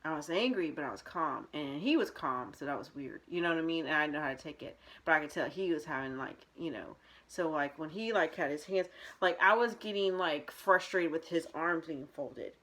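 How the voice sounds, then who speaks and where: A woman's voice: low-pitched, animated, fairly quick, a bit bright. A young woman vlogging, telling a personal story in a candid, rambling way with many fillers and restarts.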